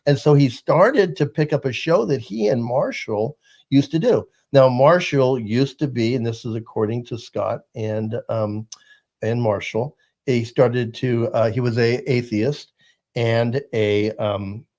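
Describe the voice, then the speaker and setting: Male talk host, loose rambling delivery full of fillers, average pitch. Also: darkish tone. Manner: rambling, many fillers and restarts. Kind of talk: casual political chat.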